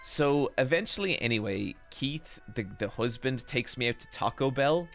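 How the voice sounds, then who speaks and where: A man's voice: mid-range voice, animated, moderate pace, creaky, a bit bright, soft background music. A man hosting a stream, casually telling a rambling, self-deprecating story while tired after a very long session. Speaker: streamer and podcast host.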